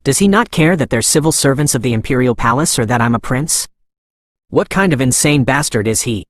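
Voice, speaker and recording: A man voicing an arrogant, cruel young male prince who rants and then begs, read in a recap narration with a mid-pitched voice in a dry recording. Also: expressive, fairly quick, no echo, lightly acted. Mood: fearful sneering. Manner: ranting, then begging.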